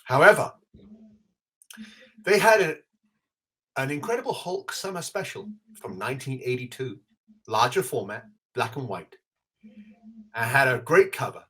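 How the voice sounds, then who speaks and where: A man from England, co-hosting a podcast and telling a nostalgic story in a casual, animated way. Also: mid-range voice, a little slow, pauses often, slightly rough. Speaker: podcast co-host.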